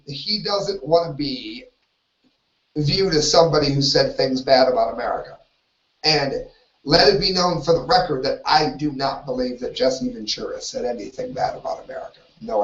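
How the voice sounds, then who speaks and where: A man hosting a solo live talk show, rambling and opinionated, often stopping himself mid-sentence. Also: mid-range voice. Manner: rambling, opinionated, self-interrupting. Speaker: host. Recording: roomy, distant, dull lo-fi audio.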